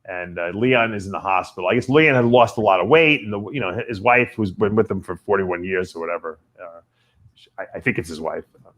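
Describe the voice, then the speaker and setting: A man hosting a casual talk radio show, telling rambling stories in an animated way. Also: low voice, fairly quick. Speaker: podcast host.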